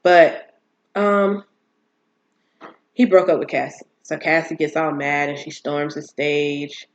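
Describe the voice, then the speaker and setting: A woman hosting a casual solo podcast, talking in a chatty, animated way with many fillers and restarts. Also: low voice, takes it slowly, dull audio. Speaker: podcast host.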